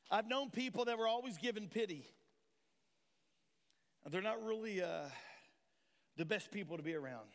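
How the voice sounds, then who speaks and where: A male pastor from delivers an impassioned sermon in a strikingly high voice. He keeps pulling the congregation in with questions. The sound rings out with a long church-hall reverb. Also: a bit bright. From Tennessee, USA. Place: church sanctuary.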